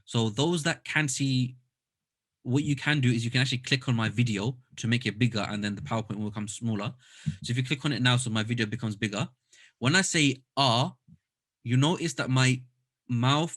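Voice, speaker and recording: A man's voice: medium pitch, fairly bright tone. A man teaching a Quran recitation class online, explaining step by step and demonstrating sounds aloud over a computer mic.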